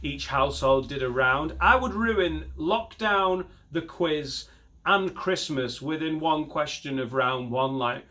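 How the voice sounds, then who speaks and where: A man's voice: medium pitch, a little slow, bright, forceful tone. Guy doing standup from his garage, rambly and self-mocking, swears a lot. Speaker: stand-up comedian. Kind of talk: stand-up set filmed at home. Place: home garage.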